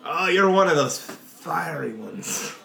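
A man's voice: a little high, brisk, vocal fry, pushed and bright, voice pushed up. A man voicing a cheerful, chummy male cleric who encourages and teases the people he fights. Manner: cheerful, fond, teasing. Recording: roomy echo, faint music behind.

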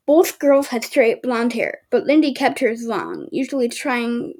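A woman's voice: fairly high pitch, measured pace, a little mellow. A woman hosting a casual home podcast, reading a book aloud with stumbles and sarcastic asides. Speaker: podcast host.

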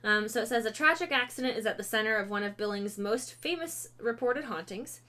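A woman's voice: on the high side, fairly quick, sharp tone. A woman hosting a casual podcast, reading ghost stories aloud with many fillers and self-corrections, breaking off to joke. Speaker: podcast host.

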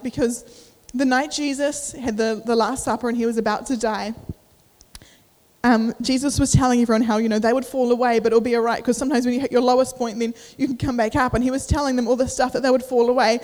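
A woman's voice: a little high, darkish tone, in a large hall. A young adult woman giving a sermon. She tells a personal story casually and with feeling, with many fillers. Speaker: preacher.

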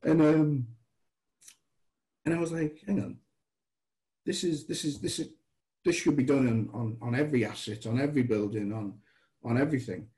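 Mellow British man telling stories. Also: medium pitch, normal speed, pauses often, low-quality recording. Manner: chatty, restarts, animated quoted dialogue. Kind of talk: casual anecdotal storytelling.

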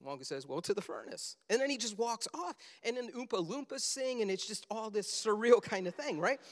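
Male preacher, high-pitched, animated storyteller; long reverb of a big room. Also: fairly quick. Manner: animated storytelling, acting out film scenes. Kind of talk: sermon.

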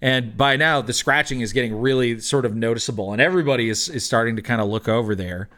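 A man's voice: medium pitch, fast talker, pushed and bright. A man narrating as dungeon master, full of fillers and laughter. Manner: laughing often, many fillers. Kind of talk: narrating a tabletop game.

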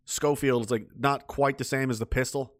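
A man's voice: mid-range voice, steady tone, moderate pace, no echo, clean studio sound. A man who talks in a rambling, heated way, swearing often and restarting his sentences. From Canada. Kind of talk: casual ranting monologue.

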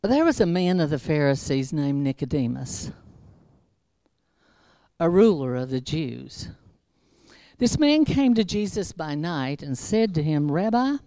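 A woman's voice: sits low, very animated, a little slow, pauses often, dark tone, no room sound. A woman preacher giving a conversational sermon, chatty and humorous, with wry asides to the congregation.

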